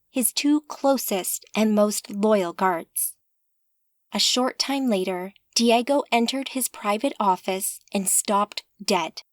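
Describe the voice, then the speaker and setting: A woman narrating an audiobook in a measured, unhurried reading. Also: mid-range voice, no room sound, clean studio sound. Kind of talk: scripted narration.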